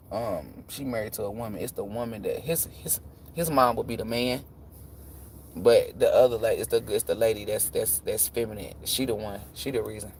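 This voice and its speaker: A man's voice: mid-range voice, a little mellow, slight background noise. A man hosting a tarot livestream, chatting casually and telling profane stories. He laughs often and acts out the voices of the people he quotes.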